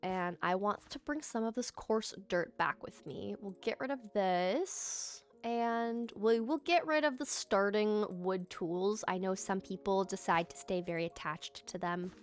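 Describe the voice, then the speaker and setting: A woman giving relaxed, soft-spoken commentary while playing a building game, at times squealing with excitement. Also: medium pitch, unhurried, hardly any pauses, soft background music. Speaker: gaming commentator.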